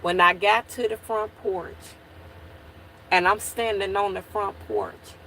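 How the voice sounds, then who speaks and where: A woman's voice: medium pitch, fairly even intonation, slow pace, bright, forceful tone, a little hiss or hum. A woman telling an emotional personal story to her viewers. She restarts and repeats herself as she relives it, and she keeps calling out to her listeners.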